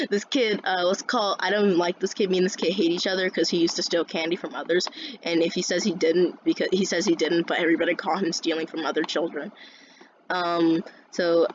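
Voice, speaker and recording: Brief: teen girl vlogger, heated rambling rant, swears constantly, lo-fi recording with faint hiss. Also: lowish voice. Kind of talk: ranting storytime.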